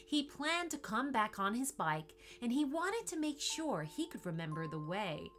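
A woman narrates a children's story in an unhurried, expressive way. Her voice is bright and fairly high, and it rises and falls with lots of life. Soft music plays faintly underneath.

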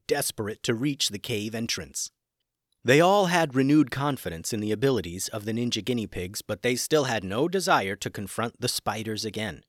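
A man narrating a scripted children's adventure story in an animated, dramatic way. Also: on the low side, dry recording, clean studio sound.

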